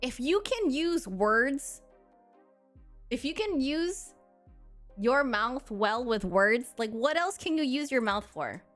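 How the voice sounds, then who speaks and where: A woman in her thirties chats with her stream viewers in a high, bright voice. She is blunt, sassy and crude, and laughs often. Soft music plays under her talk. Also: big pitch swings, slow pace. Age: 30s. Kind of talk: casual chat to chat readers.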